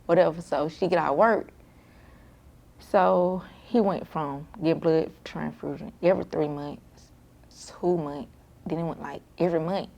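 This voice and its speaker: A woman's voice: low-pitched, steady tone, measured pace, vocal fry, darkish tone. A mother, telling candidly and emotionally how she cares for her son with sickle cell. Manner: emotional, informal, frequent "like" and quoted self-talk. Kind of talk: candid personal storytelling.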